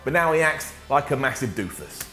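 A man's voice: medium pitch, expressive, brisk, sharp tone, roomy sound, soft background music. A British man recapping a wrestling show in a sarcastic, jokey way, acting out quotes.

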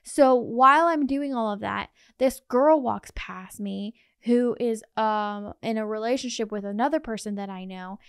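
A podcast co-host with a clear, slightly high voice tells her story in a loose, chatty way. She leans on "like" constantly, and the sound is close and dry. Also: moderate pace, hardly any pauses, no echo. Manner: chatty, heavy use of "like". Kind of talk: casual chat, telling a dream story.

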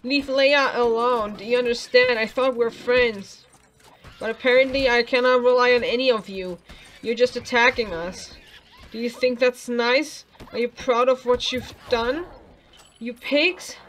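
A woman's voice: a little high, a little slow, a bit bright, slight background noise. A woman casually commenting on a video game she is playing, chatting to the characters and making playful sound effects. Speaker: let's play gamer.

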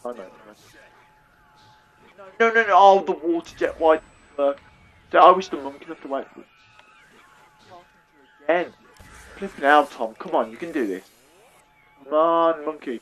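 A man's voice: on the high side, fairly bright tone. A young man with an English accent giving chatty, self-deprecating live commentary over a headset mic while he plays a shooter. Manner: chatty, self-deprecating, talks to viewers as "guys". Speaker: gaming YouTuber.

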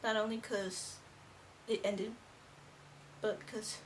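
A woman's voice: mid-range voice, level tone, takes it slowly, slight background noise. Gushing teen girl reviewing a cartoon. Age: teens. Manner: rambling, gushing fan, lots of fillers. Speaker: video reviewer. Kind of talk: casual chatty episode review.

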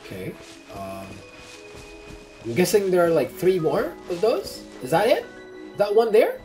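A gamer giving casual commentary while playing, reacting loudly and swearing freely. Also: medium pitch, big pitch swings, unhurried. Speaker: gamer playing through a game. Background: game music.

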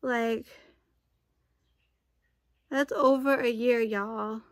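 A woman's voice: fairly high pitch, fairly even intonation, drawn-out words, no echo. A woman vlogging in a casual, chatty way, rambling with frequent asides. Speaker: YouTube vlogger.

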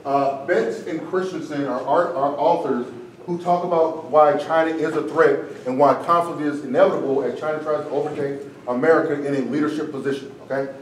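A man teaching a debate class in a relaxed, conversational way, his voice strained and wearing thin. He sits a little high for a man and is picked up from a distance across a roomy, echoey classroom. A faint hiss runs underneath. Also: a little fast. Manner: casual, tags sentences with "right?". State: strained, tiring voice. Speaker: debate instructor. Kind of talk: classroom lecture. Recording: echoey room, far from the mic, faint noise.

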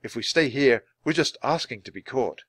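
A man's voice: medium pitch, expressive, normal speed, fairly bright tone, breathy edge, no echo. Man voicing a cautious young boy. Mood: earnest.

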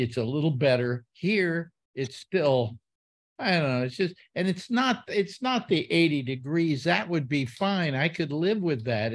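A man hosting a casual call-in show, talking in a rambling way with many fillers and restarts. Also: fairly high pitch. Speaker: host.

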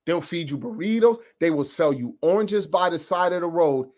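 A man from upstate New York preaches in a loose, fiery style, full of slang and direct asides to his audience. His voice sits high for a man, and he swings between loud punches and quieter stretches. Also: moderate pace. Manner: animated and emphatic, with street slang and asides to listeners. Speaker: Bible teacher. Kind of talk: informal preaching.

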